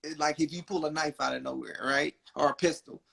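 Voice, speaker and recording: A young man hosting a podcast, telling a story in a casual, animated way and acting out the people in it. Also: brisk, vocal fry, crowd noise. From New Jersey. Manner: animated, acts out quotes with big pitch jumps. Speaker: podcast host.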